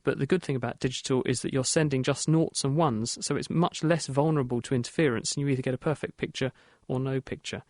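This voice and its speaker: A man hosting a radio science show, explaining answers in a brisk, plain-spoken way. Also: medium pitch, steady tone, a little mellow, no echo, studio quality. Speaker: host.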